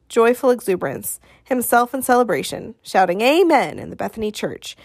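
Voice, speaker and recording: A woman narrating a novel as an expressive audiobook reader who acts out the dialogue. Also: on the high side, dry recording, studio quality. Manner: expressive storytelling, acting out the dialogue. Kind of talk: scripted narration.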